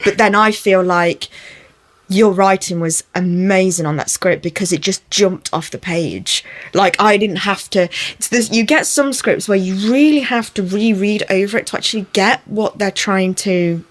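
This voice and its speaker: A woman's voice: medium pitch, moderate pace. A woman appearing as an actress guest on a podcast, chatting casually and speaking with enthusiasm. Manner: enthusiastic, warm-hearted praise. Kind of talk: casual chat.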